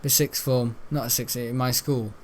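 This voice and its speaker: A man's voice: mid-range voice, fairly even intonation, normal speed, slight background noise. Rambling young British man chatting. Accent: British English. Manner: chatty, meandering, lots of fillers and self-corrections. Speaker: gaming channel host. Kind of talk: rambling casual chat over gameplay.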